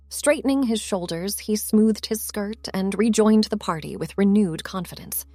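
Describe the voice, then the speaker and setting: A woman reading a story in calm, scripted narration. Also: mid-range voice, normal speed, few pauses, dry recording.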